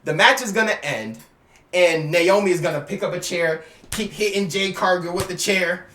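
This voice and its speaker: A man making casual wrestling predictions in an excitable, slangy way, acting out scenes as he goes. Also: high-pitched, normal speed, reverberant, slight background noise. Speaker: YouTuber giving wrestling predictions.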